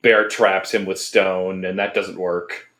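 A man with a fairly low voice chats casually about an anime season, trailing off and restarting his sentences, full of ums and uhs. His voice rings in an echoey room. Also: flat delivery, slow pace, a bit bright. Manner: rambling, hesitant with many fillers and restarts. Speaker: podcast co-host. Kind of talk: casual anime review chat.

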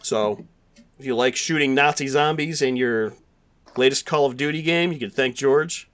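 Speaking at a moderate pace, a male podcast host with a mid-range, fairly bright voice chats in a loose, casual way. He rambles, fills gaps with fillers, and keeps restarting.

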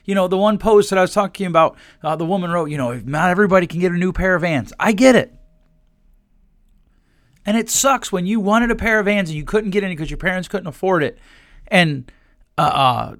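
A man's voice: high voice, no room sound, clean studio sound. Emphatic man hosting a solo podcast. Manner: animated, emphatic, repeats words when worked up. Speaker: podcast host and therapist.

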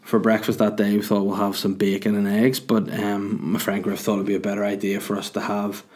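A young man tells a rambling story to camera, poking fun at himself along the way. His voice sits a touch low and his delivery stays loose and chatty. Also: little pitch movement, brisk, darkish tone. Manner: rambling, jokey, self-mocking. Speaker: vlogger. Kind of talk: casual storytelling.

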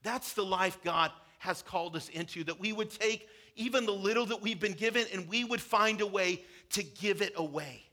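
A man preaching a sermon as a pastor, telling a parable with animated voices for its characters. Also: high-pitched, normal speed, hardly any pauses.

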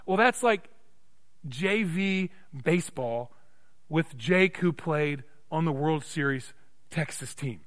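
A man preaching a sermon as pastor, passionate and emphatic, swinging from loud peaks to hushed, intimate passages. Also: on the high side, slow. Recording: long reverb of a large hall.

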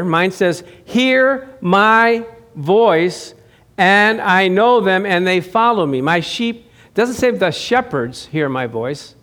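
A man's voice: high-pitched, a bit bright. A middle-aged man, a pastor, preaching a sermon in a conversational way, asking rhetorical questions and often repeating and restarting his phrases.

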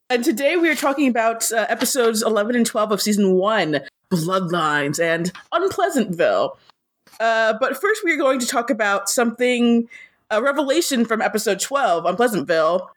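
Relaxed woman host, laughs through her intro, casual chat. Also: on the high side, moderate pace. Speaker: podcast host.

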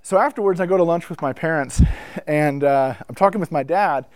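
A man with a slightly raised pitch gives a relaxed teaching talk to a room of church musicians. He tells stories full of asides and builds toward the big moments. The sound is close and dry. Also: brisk, clear, resonant tone, dry recording. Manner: storytelling, frequent asides, builds up excitement. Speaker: speaker addressing church musicians. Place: indoor room with a whiteboard.

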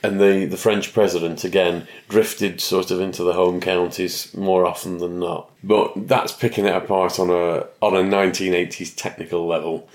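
A man from England, host of a review podcast, talks in a chatty, reflective way. His voice is very deep and low. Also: level tone, moderate pace, hardly any pauses, a little mellow. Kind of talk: casual review chat.

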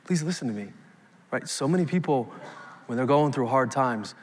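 Pastor, man, 30s, mid-pitched, emphatic live sermon, echoing hall. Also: expressive, moderate pace, slight background noise. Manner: emphatic preaching with rising calls to the congregation. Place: church sanctuary. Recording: long hall reverb.

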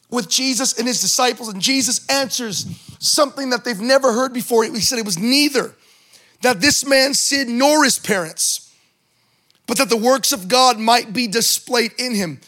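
Male pastor, animated sermon delivery, high bright tenor, acts out scenes. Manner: animated preaching, acting out Bible scenes with shouts and joking asides.

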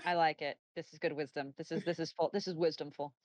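A woman's voice: sits low, fairly even intonation, fast, dry recording. A woman hosting a casual podcast chat, playfully asking questions and laughing along. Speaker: host.

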